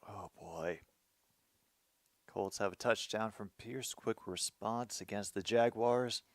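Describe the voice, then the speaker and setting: A man's voice: lowish voice, takes it slowly, dry recording. A man hosting his own show, reacting casually to a football game as he watches, muttering to himself.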